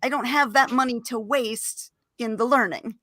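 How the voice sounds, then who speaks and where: A woman's voice: fairly high pitch, normal speed, pushed and bright, dry recording, studio quality. A woman hosting a casual chat over a video call, talking bluntly and swearing freely. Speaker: host.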